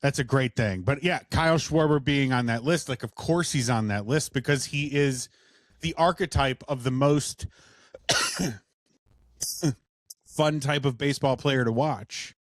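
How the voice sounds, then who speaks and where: A man's voice: medium pitch, measured pace, no room sound, clean studio sound. A man co-hosting a casual chat, ranting with heavy swearing. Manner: profane, ranting. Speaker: podcast co-host.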